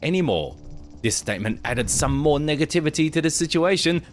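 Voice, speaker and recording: A man's voice: a little high, fairly quick, crowd noise. Man reading a formal documentary script. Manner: even, formal read-out delivery. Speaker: narrator.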